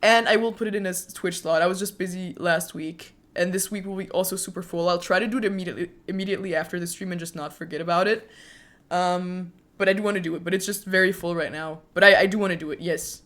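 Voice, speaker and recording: Low-pitched young woman chatting on stream. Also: fairly even intonation, fast talker. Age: 20s. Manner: chatty, frequent laughs, speaks warmly to chat. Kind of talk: casual chat with viewers.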